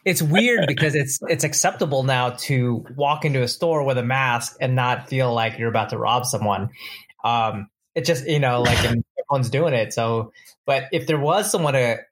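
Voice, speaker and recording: A man chatting casually, thinking aloud and pausing with fillers. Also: medium pitch. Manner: musing, hesitant with fillers. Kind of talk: casual chat.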